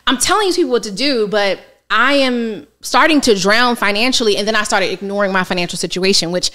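A woman financial coach telling her story in a candid, casual interview, animated and colloquial. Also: mid-range voice, a little fast. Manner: lively, colloquial, animated retelling with quoted asides.

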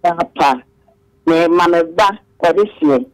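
A man calls a church program to give a heartfelt testimony. His voice sits high for a man. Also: lively intonation, takes it slowly, gravelly, rough recording. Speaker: caller.

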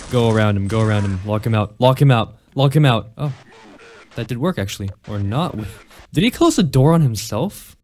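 Excitable, joking male gameplay commentator. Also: medium pitch, a little fast. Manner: joking, excitable, laughs often; sarcastic mock praise.

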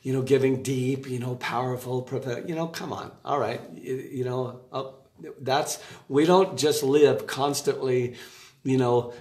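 A man giving a casual devotional talk from a room in his home, chatty and animated, with asides and laughter. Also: mid-range voice, reverberant. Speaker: preacher giving an online devotional. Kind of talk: casual preaching to camera.

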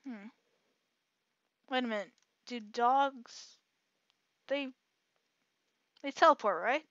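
A woman giving casual, excitable let's-play commentary, chatting to herself and her audience as she plays. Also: fairly high pitch, slow, no room sound, highs cut off. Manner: excitable, chatty, talks to herself while playing. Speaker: gaming channel host.

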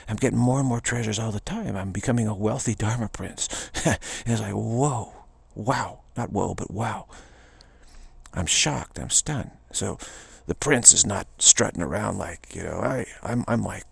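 A man's voice: on the low side, a little slow, vocal fry, slightly rough, no room sound. A man giving an informal spiritual talk in a rambling, repetitive way, often slipping into quoted voices. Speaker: spiritual teacher.

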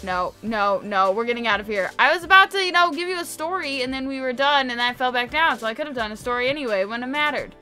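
A woman giving casual gameplay commentary, chatty and excitable, quick to gasp and exclaim. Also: sits high, soft background music. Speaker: gamer, video host.

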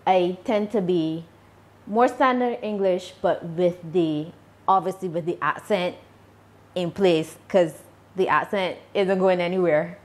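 A woman from Barbados with a Barbadian accent, answering interview questions about her channel in a deliberate, measured way. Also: lowish voice, a little mellow. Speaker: YouTuber guest.

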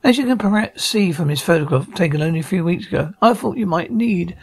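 A man's voice: high voice, expressive, quick pace, vocal fry, breathy edge, exaggerated voice. A man reading a scheming male villain in an amateur audio drama, speaking with cold threat. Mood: menacing. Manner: coldly threatening.

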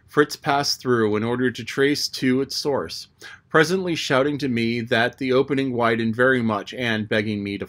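Man narrating a classic adventure novel. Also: medium pitch. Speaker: audiobook narrator.

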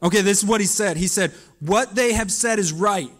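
A male pastor preaching with a voice set somewhat high for a man. He shifts from soft, reflective storytelling to raised, urgent exhortation, pushing the congregation to respond. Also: fairly quick. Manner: animated preaching, builds from quiet musing to loud urging. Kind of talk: sermon.

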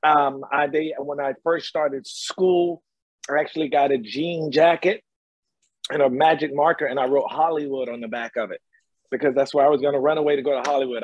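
Speaking a little high, a middle-aged guest actor from North Carolina, USA, shares stories over a video call in a casual interview. He's emphatic and tends to repeat phrases, and there's no room sound on the recording.

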